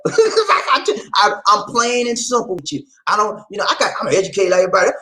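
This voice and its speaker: A man from the United States hosting a live stream, talking loud and playful, often repeating himself. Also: sits high, wildly swooping pitch, quick pace, poor audio. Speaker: host. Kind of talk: lively live-stream chat.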